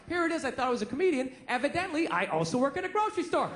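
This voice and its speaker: A man doing a loud, profane stand-up comedy set on a club stage, ranting and acting out store clerks in quick asides. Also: very high voice, big pitch swings. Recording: echoey live club recording with loud crowd noise.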